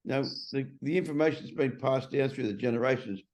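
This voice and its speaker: A man's voice: medium pitch, fairly quick, a little mellow. A middle-aged man in a casual interview. He is a transformation coach who talks bluntly and swears freely.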